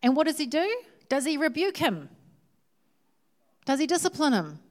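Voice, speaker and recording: A woman who preaches a sermon in a lively, humorous, conversational way. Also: high-pitched, normal speed.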